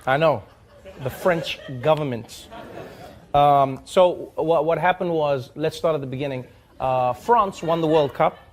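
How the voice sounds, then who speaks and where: A man from South Africa performing stand-up comedy, acting out both sides of imagined phone calls in raised, animated voices. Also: on the high side, a little slow, a little hiss or hum. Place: comedy stage with a live audience.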